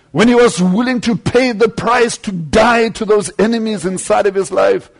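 Male preacher, high voice, husky, fervent sermon delivery, loud climbs and low asides. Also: normal speed, few pauses.

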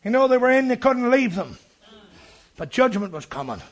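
High-voiced preacher. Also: male voice, very animated, moderate pace. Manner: fervent, rising to shouts. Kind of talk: sermon storytelling.

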